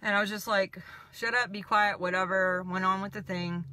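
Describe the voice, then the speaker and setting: A spiritual coach, a woman with a mid-range voice speaking at a moderate pace, animatedly recounts a personal story in a rambling, casual way with many "I'm like" asides. A little hiss or hum sits in the background.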